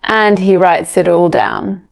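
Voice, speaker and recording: A woman reads a graded English story aloud, slowly and deliberately, for learners. Her voice sits on the lower side with a gravelly, creaky edge. The delivery stays careful and even. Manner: clear, careful, evenly paced reading. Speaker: narrator. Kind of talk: slow scripted storybook narration for English learners.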